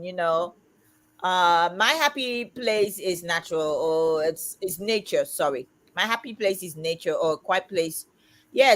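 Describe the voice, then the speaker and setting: A woman in her fifties hosting a casual livestream chat, talking loudly and emphatically. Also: medium pitch. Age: 50s. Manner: loud, emphatic and outspoken. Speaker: livestream host.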